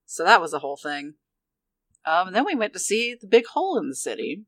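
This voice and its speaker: Bright, wry man recapping a tabletop game. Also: sits high, sing-song, a little fast, dry recording. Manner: rambling, wry recap with many fillers. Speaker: player.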